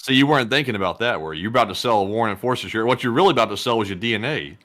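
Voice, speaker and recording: A man from Lower Alabama with a softened Southern accent, co-hosting a live stream in an easygoing, chatty way and reading out donor messages. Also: animated, racing. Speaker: co-host. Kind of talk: casual live-stream banter.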